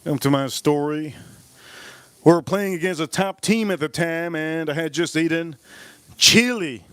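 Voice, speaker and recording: A man in his forties tends a charcoal grill outdoors while he hosts a live stream. He tells a long, looping story and keeps repeating his lines for effect. His voice sits a bit high for a man and sounds close and dry. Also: unhurried, smooth, dry recording. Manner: repetitive, animated storyteller who jumps between the tale and the grill. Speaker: live-stream cook and host.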